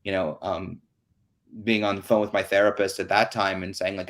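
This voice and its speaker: A man's voice: deep voice, level tone, normal speed, fairly bright tone. A man hosting an online town hall, talking in an earnest, chatty way with many fillers over a video call. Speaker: host.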